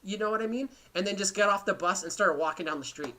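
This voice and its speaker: A man's voice: high-pitched, fast talker, sharp tone. A man hosting a podcast, telling a rambling, profane story in casual chat. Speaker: podcast host.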